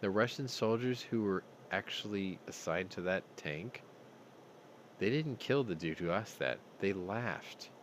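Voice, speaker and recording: A man's voice: lowish voice, expressive, measured pace, a little hiss or hum. Profane, heated male news commentator. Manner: blunt and profane, speaks with anger. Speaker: host.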